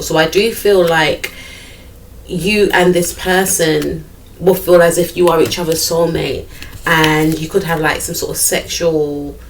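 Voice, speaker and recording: A woman's voice: sits low, recorded from a distance, a little hiss or hum, rough recording. A woman giving a chatty tarot card reading, thinking aloud and repeating her phrases. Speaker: tarot reader.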